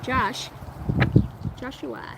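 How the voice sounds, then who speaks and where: A woman in her thirties or forties reading tarot cards live, chatting loosely with viewers and swearing freely. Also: drawn-out words. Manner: loose, profane, laughing, reading chat aloud. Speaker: tarot reader streaming live. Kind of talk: casual live-stream chat and card reading. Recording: loud background noise.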